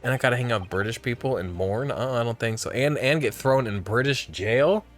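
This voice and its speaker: A man commentating a game playthrough in a dramatic, excitable way, often breaking into laughter. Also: mid-range voice, fairly quick, faint music behind. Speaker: game streamer. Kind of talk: let's play commentary.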